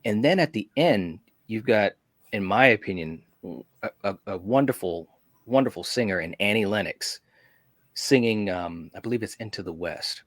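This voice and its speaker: Lively low-voiced male host. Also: moderate pace, no room sound, studio quality. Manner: enthusiastic, reflective, lots of "man". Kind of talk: casual panel chat.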